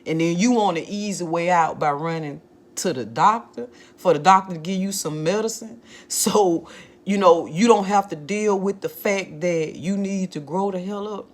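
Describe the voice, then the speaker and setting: A woman voicing her stern churchgoing mother, who bluntly scolds her grown daughter in a low voice. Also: moderate pace, lightly acted. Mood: scolding.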